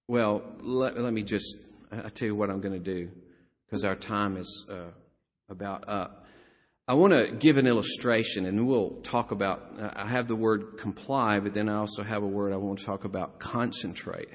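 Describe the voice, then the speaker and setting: A man preaching a sermon as a pastor, lively with joking asides and chuckles. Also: on the low side. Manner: animated, joking asides with laughs. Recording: long hall reverb.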